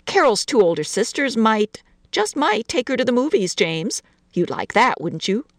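A woman voicing a chatty, friendly suburban housewife who talks brightly and eagerly. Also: on the high side, lively intonation, quick pace, no room sound, clean studio sound, pitched above the performer's own voice, natural voice.

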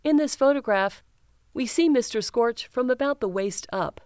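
A woman reading a news feature aloud in a measured, even way, first describing a photograph and then telling the story. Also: fairly high pitch, smooth, no room sound, studio quality. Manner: measured, even, reads quotes without acting them. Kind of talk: scripted news narration with image description.

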